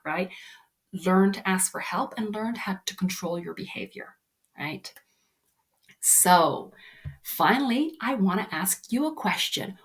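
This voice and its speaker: A woman coaching children on their emotions, gently and reassuringly, often checking in with a "right?". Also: mid-range voice, expressive, slow pace. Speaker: kids life coach. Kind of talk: explaining lesson to children.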